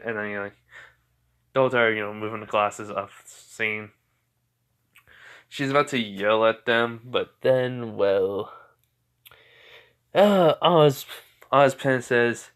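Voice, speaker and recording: A man's voice: mid-range voice, slow, pauses often, a bit bright, smooth. Rambling young man telling a fan story. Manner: rambling, many fillers like "you know" and "he's like". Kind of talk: casual improvised storytelling.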